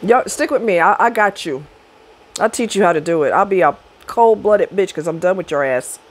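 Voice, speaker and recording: A middle-aged woman giving dating advice in a blunt, profane monologue to camera, rising loud and high when she rants. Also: lively intonation, normal speed.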